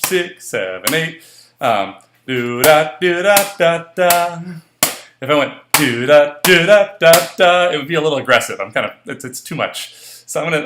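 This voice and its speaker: A man's voice: a little high, bright, forceful tone, recorded from a distance. A man teaching a solo jazz dance class, counting beats and calling steps aloud while he demonstrates. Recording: echoey room, voice from off the mic.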